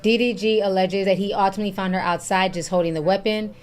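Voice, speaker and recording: A woman's voice: mid-range voice, steady tone, fast talker. A woman hosting a reaction video who reads celebrity news and text messages aloud and comments on them between readings.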